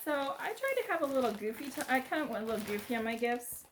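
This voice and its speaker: A woman's voice: a little high, big pitch swings, quick pace, a little hiss or hum. A middle-aged woman from the United States, chatting casually and rambling a little as she unboxes gifts on her home vlog. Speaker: vlogger. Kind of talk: casual chat.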